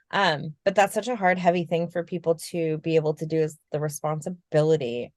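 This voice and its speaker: A woman's voice: low voice, steady tone, fairly quick, hardly any pauses, darkish tone, no room sound, studio quality. A woman co-hosting a podcast, talking candidly and reflectively, swearing casually and laughing often. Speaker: podcast co-host.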